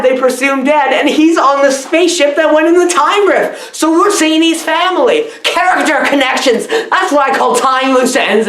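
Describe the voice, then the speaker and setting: A woman rambles through a comic film review, loud and scattered, leaping from aside to squealed quote. Her voice sits a little high. The room around her is echoey. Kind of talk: rambling deadpan comedy review.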